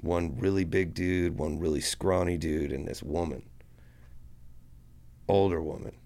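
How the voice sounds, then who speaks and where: Gravelly deep-voiced man telling a story. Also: unhurried. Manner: profane, animated, acts out what people said. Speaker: guest musician. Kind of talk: casual storytelling.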